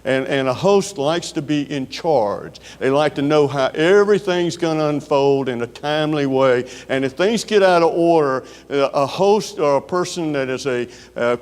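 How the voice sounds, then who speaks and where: A man with a Southern US accent gives a conference keynote speech, telling stories in a folksy way with frequent filler pauses. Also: a little high, expressive. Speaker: keynote speaker. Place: large conference hall. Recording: long hall reverb.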